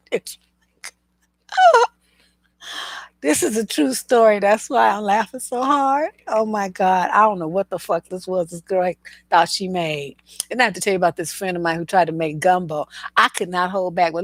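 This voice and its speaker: A woman's voice: medium pitch, no echo. A woman relationship coach telling stories in casual commentary, laughing through her anecdotes and talking bluntly with profanity.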